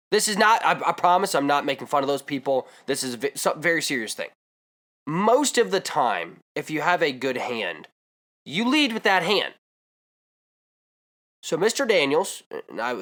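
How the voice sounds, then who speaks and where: A man's voice: fairly high pitch, a bit bright. A young man vlogging, telling a comedic story with exaggerated asides and rambling digressions.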